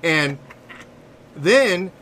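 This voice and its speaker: A man co-hosting a podcast, telling a story in casual, profane, animated chat. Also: a little high, drawn-out words, a little hiss or hum. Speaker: podcast co-host.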